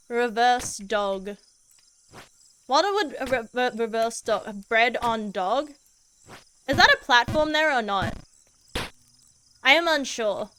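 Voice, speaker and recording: A woman's voice: sits high, animated, takes it slowly, long pauses, sharp tone, smooth, poor audio. A woman streaming a game as a VTuber, chatting casually in a goofy, laid-back way and swearing freely.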